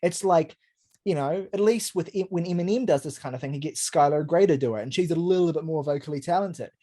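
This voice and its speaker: Co-host for a casual album review chat, mid-pitched voice, emphatic, rambling, swears freely. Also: fast, mellow. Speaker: podcast co-host.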